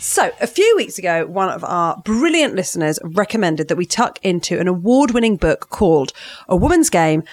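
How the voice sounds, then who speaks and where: A woman's voice: lowish voice, sing-song, normal speed. A woman hosting a football podcast, chatting playfully and reading out results in a self-mocking way. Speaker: podcast host. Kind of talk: casual podcast chat and results roundup.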